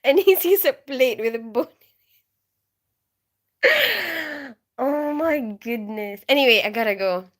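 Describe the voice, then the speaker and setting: A Filipino woman in her forties hosting a relaxed livestream, chatting with viewers and giggling through her stories. She speaks unhurriedly in a somewhat high voice. Friendly, rambling chat delivery. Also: unhurried, pauses often. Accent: Filipino English. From Philippines. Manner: chatty storyteller, giggles often, reads chat comments. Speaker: livestream host.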